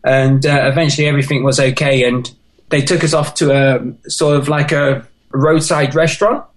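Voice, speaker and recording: A British man, a podcast guest, telling his life story in an earnest, halting, emotional way. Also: medium pitch, steady tone, slight background noise, low-quality recording. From United Kingdom. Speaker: podcast guest, marathon runner. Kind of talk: personal life story in an interview.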